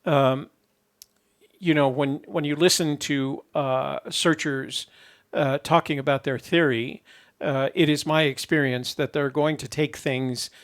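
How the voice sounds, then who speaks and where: A man's voice: a little high, steady tone, measured pace. A man hosting a call-in show, chatting easily with callers and rambling with lots of fillers. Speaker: host.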